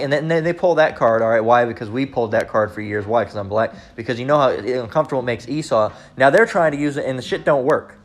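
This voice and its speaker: Over soft background music, a fast-talking man with a mid-range voice gives an informal religious teaching. He rambles loosely, says "all right" constantly, and swears bluntly.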